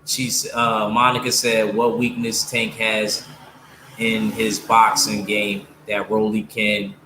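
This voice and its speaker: A man's voice: fairly low pitch, completely flat delivery, slow pace, sharp tone, echoey room, slight background noise. A man giving blunt, opinionated boxing commentary to his viewers, casual and slangy, with lots of fillers. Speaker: streamer talking boxing with viewers.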